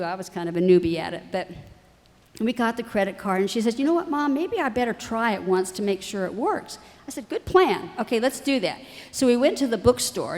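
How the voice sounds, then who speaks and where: A middle-aged woman, a university president's wife, telling lively family stories to an audience and acting out the voices of the people in them. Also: medium pitch. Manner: animated, acts out quoted voices. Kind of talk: storytelling talk to an audience. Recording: reverberant hall.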